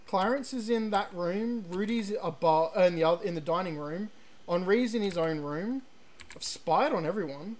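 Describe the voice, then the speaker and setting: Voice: mid-range voice, normal speed, darkish tone. A game streamer giving rambling, chatty let's-play commentary, full of ums and restarts, sometimes reading on-screen text aloud.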